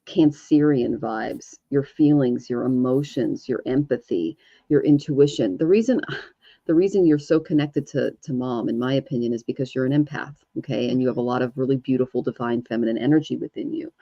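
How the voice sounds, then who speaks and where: A woman doing a live psychic card reading from home, gentle and intuitive, speaking in loose, flowing phrases. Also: rumbling low, brisk, no echo. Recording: dull lo-fi stream audio.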